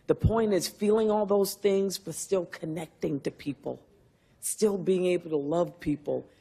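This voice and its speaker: A woman's voice: lowish voice, unhurried, gravelly, warm tone, breathy edge. A woman in her fifties, an actress answering questions backstage in a press room, speaking in a reflective, heartfelt way. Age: 50s. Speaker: award-winning actress, interview guest.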